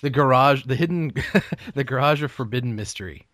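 A man's voice: mid-range voice, a little fast, a bit bright, no room sound. A man co-hosting a casual podcast, laid-back with dry quips and frequent laughter. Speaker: podcast co-host.

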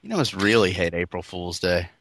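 A man's voice: deep voice, lively intonation, fast talker, fairly bright tone, no echo. A man in casual podcast banter, crude and joking, laughing often.

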